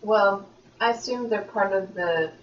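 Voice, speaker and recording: A woman's voice: medium pitch, a little slow, lo-fi sound. A woman co-hosting a podcast, chatting in an easygoing way and laughing often. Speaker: podcast co-host. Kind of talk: casual chat. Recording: echoey, distant room mic with faint noise.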